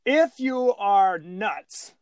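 Brief: lively-pitched male podcast co-host, jokey and rambling, dry close mic. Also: extremely slow, clear, resonant tone, dry recording. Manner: animated, jokey, rambling with restarts. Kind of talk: casual film discussion chat.

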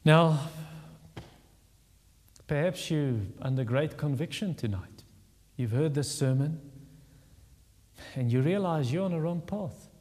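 A man delivers a sermon, earnest and emphatic, hammering points home by repeating words. His voice sits on the higher side for a man. The sound rings with the long reverb of a large church hall. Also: takes it slowly, pauses often, a little mellow. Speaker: pastor.

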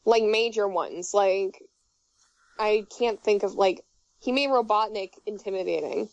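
A woman's voice: medium pitch, measured pace, vocal fry, no echo. A young woman chatting casually, telling rambling, giggly stories full of fillers and restarts. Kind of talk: casual chat. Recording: dull muffled audio.

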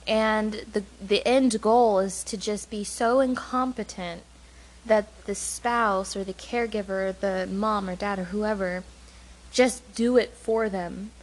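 A woman's voice: mid-range voice, fairly even intonation, a little slow, rough recording. A woman co-hosting a casual talk show as a caregiver. She speaks earnestly and laughs easily while covering a hard subject. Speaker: podcast co-host and caregiver. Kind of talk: casual conversational chat.

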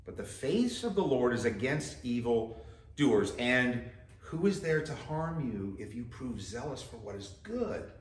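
Man, pastor, sermon, conversational, direct questions to listeners, animated pitch, echoey room. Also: unhurried.

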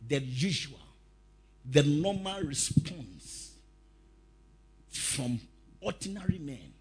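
A male preacher giving a lively sermon, telling stories, shouting out quotes and laughing as he goes. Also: a little high, breathy edge.

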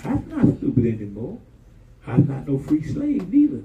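A man preaching a lively sermon in a church, telling personal stories in a folksy, colloquial way and drawing call-and-response from the congregation. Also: mid-range voice, normal speed, a crowd in the background. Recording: dull, distant, roomy church recording.

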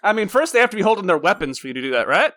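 A man playing a tabletop game, joking and animated as he describes his character's moves. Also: high-pitched. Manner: animated, joking, quick to laugh. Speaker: player. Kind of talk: casual tabletop game chat.

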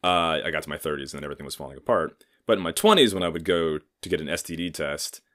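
A man's voice: very deep voice, expressive, fast, fairly bright tone. A man in his thirties hosting a casual solo podcast, rambling and swearing freely while joking at his own expense. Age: 30s. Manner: profane, rambling, self-mocking jokester. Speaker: podcast host.

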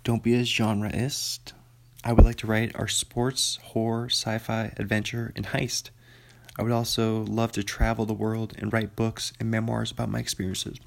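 A young man casually reading his own writing aloud, relaxed, with ums and asides. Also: fairly low pitch, normal speed, gravelly.

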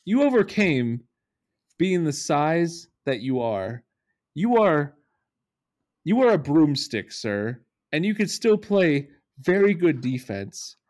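A man ranting in lively, swinging tones. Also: a little high, slow pace. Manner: animated, ranting, swears freely. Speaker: podcast co-host. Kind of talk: casual sports podcast chat.

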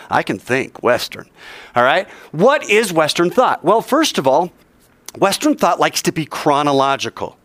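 Slightly high-voiced man teaching Bible. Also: dry recording. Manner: conversational, rhetorical questions, drops to hushed tones.

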